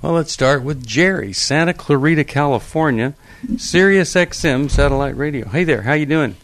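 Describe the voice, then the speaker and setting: A man hosting a call-in radio talk show, brisk and friendly, with fillers. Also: fairly high pitch, animated.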